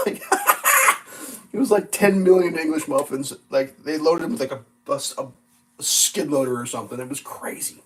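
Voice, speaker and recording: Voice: mid-range voice, sing-song, normal speed, fairly bright tone. A vlog host ranting casually over breakfast, rambling and sarcastic, swearing freely and laughing often. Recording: distant mic with faint noise.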